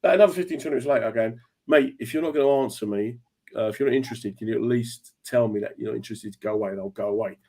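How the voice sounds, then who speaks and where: A man hosts a radio chat and spins a comedy anecdote at a fast clip. He acts out every line of dialogue as he goes. His pitch sits in a middle range for a man. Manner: fast, animated storyteller acting out dialogue. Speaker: radio show host and comedian. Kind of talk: casual chat, telling a stage anecdote.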